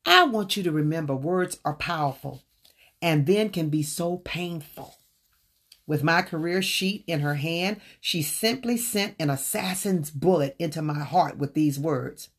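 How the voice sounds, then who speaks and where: A woman's voice: fairly low pitch, lively intonation, a little slow. A woman earnestly telling a personal story from her own book, speaking straight to her listeners. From Southern United States.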